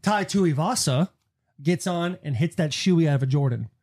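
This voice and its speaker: A man in casual podcast chat, retelling a fight night in a fast, animated way and swearing freely. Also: on the high side. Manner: fast, animated storytelling with profanity; breaks into sung snippets when retelling. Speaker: podcast co-host.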